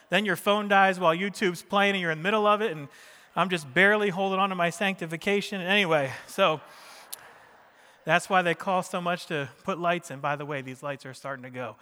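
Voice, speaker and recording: A man with a high, bright, forceful voice preaches a sermon to his church. He keeps it conversational, throws questions and jokes at the congregation, and his words ring out with a long reverb from the large sanctuary. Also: fairly quick, clear, resonant tone. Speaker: pastor.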